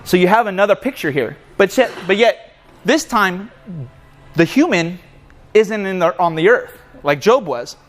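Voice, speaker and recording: A man's voice: sits high, animated, a little slow. A man giving a casual sermon at a men's breakfast in a coffee shop, telling a story with lots of animation and often calling his listeners "man.". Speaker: guest speaker at a men's breakfast.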